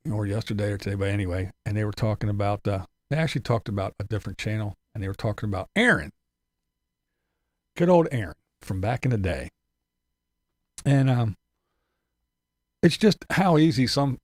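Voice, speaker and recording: A man's voice: medium pitch, a little mellow, no echo. A man hosting his channel, giving rambling, profane commentary in a casual tone with frequent chuckles. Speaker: channel host.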